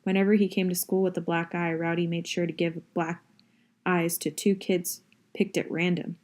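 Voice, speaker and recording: Woman reading a novel aloud; low, warm voice, wry conversational delivery. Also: little pitch movement, normal speed. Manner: wry, conversational first-person narration. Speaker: reader. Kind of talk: audiobook-style reading of a novel.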